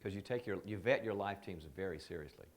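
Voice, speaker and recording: A man leading a leadership training seminar, telling animated stories and acting out the people he quotes. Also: low-pitched, fairly quick. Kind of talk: seminar talk.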